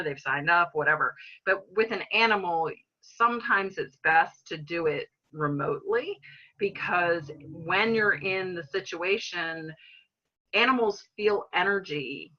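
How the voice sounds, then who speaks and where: A woman's voice: fairly low pitch, bright, forceful tone, dull audio. A middle-aged woman, a reiki practitioner, talking earnestly as a guest in a casual interview, with frequent fillers and restarts.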